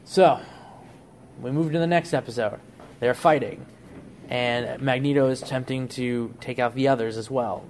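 Casual man pitching a story. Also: fairly even intonation, normal speed, darkish tone, a little hiss or hum. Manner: rambling storyteller, frequent restarts and "like". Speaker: podcast co-host. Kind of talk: casual podcast chat.

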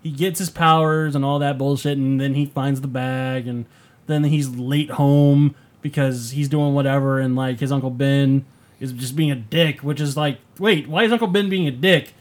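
A young man co-hosting a casual movie chat, rambling and profane, with lively mimicry of scenes. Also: medium pitch, normal speed. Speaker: podcast co-host.

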